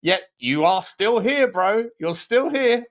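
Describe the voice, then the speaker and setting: A young man hosts a casual live stream, his voice sitting somewhat high. He talks loosely, reads viewer comments aloud, swears freely and laughs often. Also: expressive, slow, fairly bright tone. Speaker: host.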